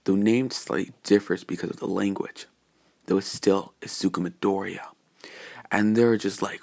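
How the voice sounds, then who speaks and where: A man's voice: deep voice, steady tone, moderate pace, gravelly, a little mellow. A man casually narrating a fan story in a rambling way, with many fillers and restarts.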